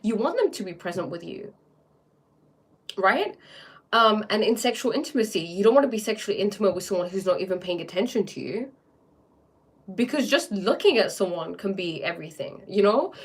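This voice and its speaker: A woman streamer muses out loud to her viewers in a loose, excited way, full of filler words and tag questions. She drifts between thoughts and admits she talks too fast when she gets excited. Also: medium pitch, husky. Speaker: livestream host. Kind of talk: casual spiritual talk to a live chat.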